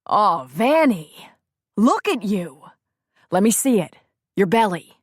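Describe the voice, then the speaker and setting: A woman narrator voicing a young male Marine calling his wife, warm and teasing. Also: medium pitch, very animated, takes it slowly, no echo, clean studio sound. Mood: affectionate.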